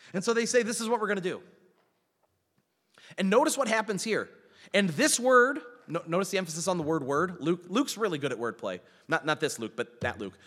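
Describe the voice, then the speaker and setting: Animated high-voiced preacher in a reverberant hall. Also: male voice. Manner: animated, asks rhetorical questions, self-deprecating asides. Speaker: pastor. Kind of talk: sermon. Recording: long reverb of a large hall.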